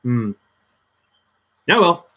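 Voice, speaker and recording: A man's voice: a little high, very animated, very slow, sharp tone. Man muttering over a craft project. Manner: mutters to himself while working, dry sarcastic asides. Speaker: crafting livestreamer. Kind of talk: casual crafting livestream chat.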